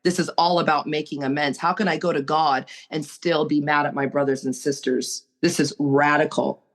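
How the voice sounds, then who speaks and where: A woman's voice: low voice, fairly even intonation, normal speed. A woman sharing on a recovery podcast, earnest and preachy as she urges listeners on. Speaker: recovery group member.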